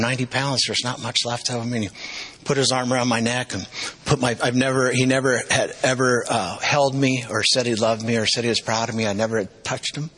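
A man's voice: medium pitch, a bit bright, breathy edge, low-quality recording. A middle-aged man preaching a sermon, telling personal stories with emotional, repetitive emphasis. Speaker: pastor.

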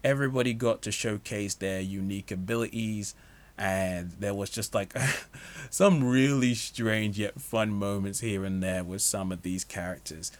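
A man with a somewhat low voice talks through a film review in a relaxed, chatty way. He is opinionated and easygoing, and he leans on casual fillers as he goes. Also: a little slow. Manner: chatty and opinionated, with frequent "like, you know" fillers. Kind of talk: casual movie review monologue.

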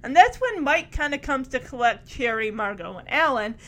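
A woman's voice: high voice, big pitch swings, normal speed. A young woman casually recapping a TV episode, chatty and giggly, with lots of "like" fillers. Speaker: show recap host.

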